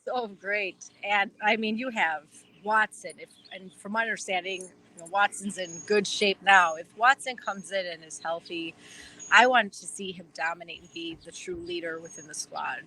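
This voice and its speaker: A woman's voice: medium pitch, normal speed, pushed and bright, poor audio. A woman with a Wisconsin accent, a podcast guest chatting eagerly about her team in a rambling way with plenty of fillers. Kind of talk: casual chat.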